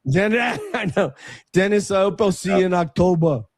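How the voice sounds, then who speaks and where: A man's voice: sits high, lively intonation, unhurried, no room sound. A man hosting a casual livestream chat, loosely thanking viewers and laughing often. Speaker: livestream host.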